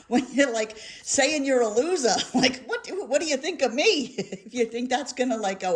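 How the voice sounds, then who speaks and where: A woman's voice: a little high, moderate pace. Chatty swearing woman tarot reader. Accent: New York. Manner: animated, swears, rambles with restarts and asides. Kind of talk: casual chatty tarot reading.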